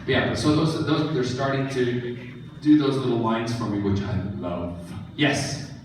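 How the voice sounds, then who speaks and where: A man answering fans' questions at a convention panel, joking and animated. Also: mid-range voice, a little slow, recorded from a distance, slight background noise. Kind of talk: casual Q&A with fans. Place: large convention hall. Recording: echoey hall, mic from afar.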